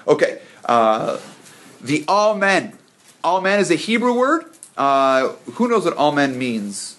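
A man's voice: fairly high pitch, big pitch swings, slow, a bit bright. A man leading an informal church Bible study for a small group, chatty and prone to stumbling over words.

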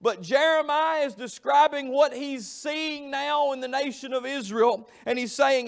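A middle-aged man preaches in a church. His voice sits very high and carries a gravelly rasp. He tells his stories emphatically, stretching out key phrases. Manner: storytelling, emphatic, drawn-out phrases. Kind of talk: Southern revival sermon. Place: church sanctuary.

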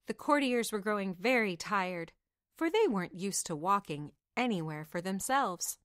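A woman narrating a storybook in a gentle, measured way. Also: medium pitch, expressive, dry recording, clean studio sound. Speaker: audiobook narrator.

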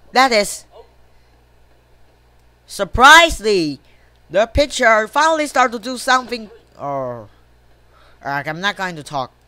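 A woman's voice: medium pitch, a bit bright, clean tone, dry recording. A woman giving casual commentary while playing a game, often swearing and grumbling at the plays, talking to herself and her viewers. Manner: talks to self and viewers between plays. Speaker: gamer.

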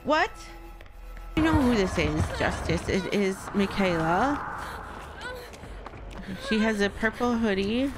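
A woman's voice: mid-range voice, animated, slow, long pauses. A woman streaming a horror game, talking to her viewers and exclaiming when startled. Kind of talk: live horror gameplay commentary. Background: loud music.

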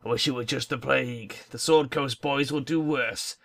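A nervous runaway gang member from a game, read by a man in a bright voice. He rambles anxiously about the danger he fled. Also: mid-range voice, normal speed, vocal fry. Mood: worried. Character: nervous young male gang member in hiding. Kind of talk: voicing a video game character.

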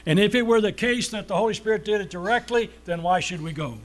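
Here a man gives a sermon built on questions he then answers, and he stresses key words by slowing down. His voice is high-pitched.

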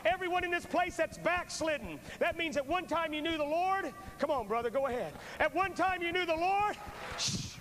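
This man's voice is extremely high, expressive, a bit bright, and at normal speed. Preaching as an evangelist at a revival service, he pleads with the crowd in a fervent, urgent way, repeating phrases through a sermon with an altar call. The poor VHS recording from a large church has faint hiss and long hall reverb.

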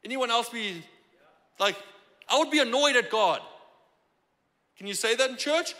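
A high, bright male voice delivers a lively sermon in a church sanctuary. His talk is conversational and animated, and he slips into little voices for the people he quotes. Long reverb rings through the hall. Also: moderate pace. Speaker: pastor.

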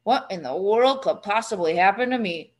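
A woman's voice: medium pitch, animated, moderate pace, lightly acted. A woman voicing a gloomy, weary man who sighs and grumbles, half asleep. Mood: flat resigned. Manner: sighing, grumbling delivery.

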